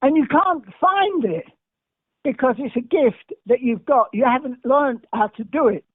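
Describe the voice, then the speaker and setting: A man's voice: extremely high pitch, lively intonation, unhurried, slightly rough, no room sound. Older man with a tinny phone-like sound. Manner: emphatic, repetitive, rambling anecdotes. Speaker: guest. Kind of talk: anecdotal interview storytelling.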